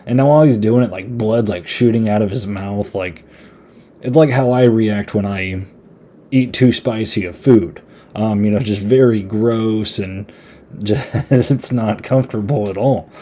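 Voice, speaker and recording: A man's voice: fairly low pitch, a little slow, mellow. A man hosting a podcast, giving a casual, rambling horror movie review in a laid-back, chatty way. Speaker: podcast host.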